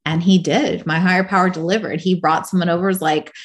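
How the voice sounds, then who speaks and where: A woman's voice: fairly low pitch, fairly even intonation, fast. A woman guest on a podcast, telling her personal story candidly in a casual, rambling way full of "like". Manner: casual, rambling, heavy use of "like".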